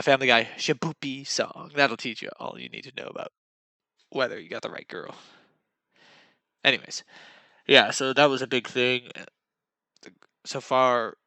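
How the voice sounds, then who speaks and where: A man's voice: mid-range voice, pushed and bright, dry recording. A young man telling casual dating stories in a rambling, self-mocking way, acting out what people said. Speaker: vlogger. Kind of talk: casual storytelling monologue.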